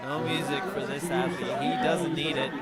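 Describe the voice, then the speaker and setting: A man giving live commentary at a climbing competition, building excitement as the climb goes on. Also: a little high, moderate pace. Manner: rises and speeds up excitedly during climbs. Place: outdoor climbing event. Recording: loud music and crowd behind.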